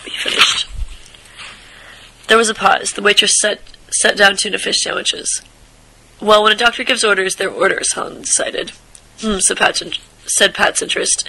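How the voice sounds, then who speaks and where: A man reads a short story aloud with a high, gravelly voice. He stumbles over words and starts lines again, now and then dropping into quiet asides. His tone is very bright and edgy. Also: slight background noise, low-quality recording. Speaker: reader.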